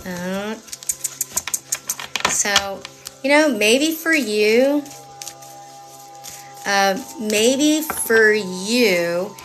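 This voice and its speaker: Over music, a woman gives a live-streamed tarot reading, speaking straight to her viewers in a casual, sassy manner. Her mid-range voice has lively intonation but moves extremely slowly with frequent pauses, and she swears a lot and repeats phrases for emphasis.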